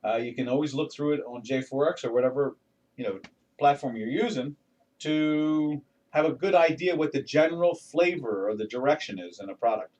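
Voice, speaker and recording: An older man hosts a live trading session, walking through his charts in a loose, folksy ramble full of restarts. His voice sits at a middling pitch and sounds a little distant from the microphone. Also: moderate pace, darkish tone, lo-fi sound. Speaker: trading webinar host. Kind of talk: casual live market commentary.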